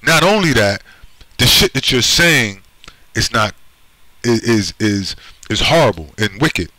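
A man's voice: medium pitch, big pitch swings, measured pace, sharp tone, no room sound, rough recording. A man from the United States in a blunt, profane monologue who keeps checking in with "right?" and "you see?". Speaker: video commentator. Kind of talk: emphatic monologue.

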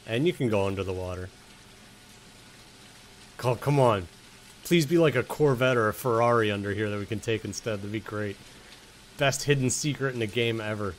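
A man's voice: on the low side, normal speed, long pauses, a little hiss or hum. A man casually commenting while playing a video game, joking with the characters and answering chat. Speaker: game streamer. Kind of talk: casual let's-play commentary.

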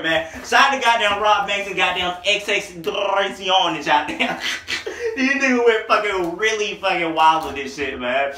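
A man's voice: high voice, normal speed, sharp tone, slight background noise. A young man casually reviewing a mixtape in a rambling, profane, joking way. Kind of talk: casual comedic music review. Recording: echoey room, mic at a distance.

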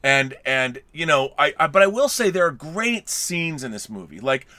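A man's voice: a little high, sing-song, moderate pace, bright, forceful tone, no echo. A man co-hosting a movie review show, chatting casually and rambling with many restarts and fillers. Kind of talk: casual film review chat.

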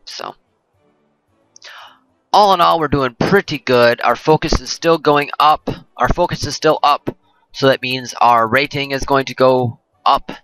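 A man's voice: mid-range voice, unhurried, fairly bright tone, dry recording, faint music behind, rough recording. A man hosting a let's play, giving rambling, jokey gameplay commentary and often correcting himself.

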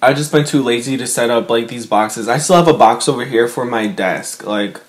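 A man's voice: medium pitch, normal speed. Emotional young man chatting to camera. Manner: emotional, rambling, many fillers. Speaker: mukbang vlogger. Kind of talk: casual chat to camera. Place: his bedroom.

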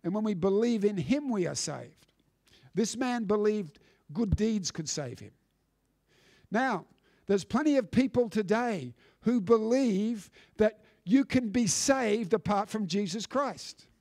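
High-pitched guy preaching in church, emphatic, keeps restarting, dry sound. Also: expressive, slow, a little mellow, dry recording. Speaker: pastor. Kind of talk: sermon.

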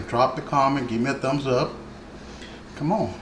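A man hosting a casual cooking vlog, relaxed and chatty, talking while he plates and eats his food. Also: medium pitch, moderate pace, echoey room, slight background noise. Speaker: cooking channel host.

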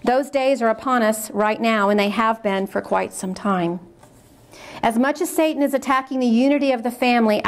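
At a religious conference, a woman reads diary passages aloud and comments on them earnestly, repeating words when moved. Her voice is fairly high and creaky.

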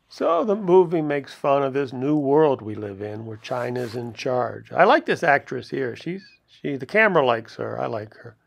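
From home, a man gives a casual movie review in a gravelly, expressive mid-range voice at normal speed. He rambles, chuckles often, and drifts into asides, in the style of video review commentary.

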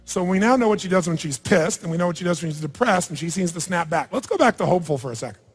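Blunt high-voiced man coaching in a hall. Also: expressive, fast talker, slightly rough, soft background music. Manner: blunt, provocative, swears freely. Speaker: seminar leader coaching a participant on stage. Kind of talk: live seminar coaching. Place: large hall with audience. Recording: long hall reverb.

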